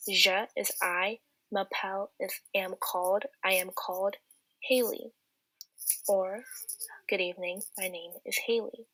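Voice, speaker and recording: A woman's voice: mid-range voice, fairly even intonation, a little slow, fairly bright tone, no room sound, rough recording. A teenage girl giving a patient, step-by-step beginner language lesson as a student tutor. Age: teens. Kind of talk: slide-based language lesson.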